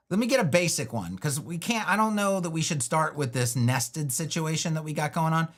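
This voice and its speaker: Guy building a site live on stream, rambling and restarting, pitch bouncing all over. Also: lively intonation, a little fast, few pauses. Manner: loose and talkative, self-interrupting, jokes to himself. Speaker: web designer hosting a live build stream. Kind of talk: thinking aloud while building a website live.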